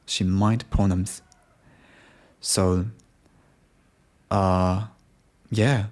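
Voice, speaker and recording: A man's voice: lowish voice, extremely slow, long pauses, a little mellow. A young Japanese man with a Japanese accent, speaking English hesitantly with many restarts in a casual video diary. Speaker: English learner vlogger.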